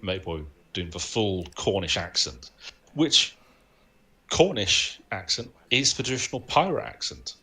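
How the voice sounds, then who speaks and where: Brief: male podcast co-host, lower pitch, bright forceful tone, trivia-minded. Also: very animated, unhurried. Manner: knowledgeable, anecdotal, laughs often. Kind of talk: casual film chat.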